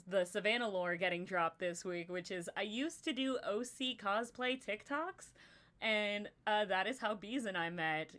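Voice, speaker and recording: A woman's voice: medium pitch, pushed and bright, clear, resonant tone. A young adult woman hosting a live stream and running a game, talking casually and rambling with many fillers. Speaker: stream host and game master.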